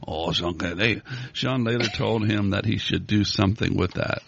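Wry gravelly man in his fifties. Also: lowish voice, normal speed, fairly bright tone. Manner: wry, punning, laughs often. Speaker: podcast co-host. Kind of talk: casual chat. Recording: dull lo-fi dry sound.

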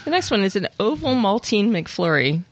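A woman's voice: medium pitch, very animated, moderate pace, lo-fi sound. A woman co-hosting a casual chat, reading out items with playful asides and frequent giggles. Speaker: podcast co-host.

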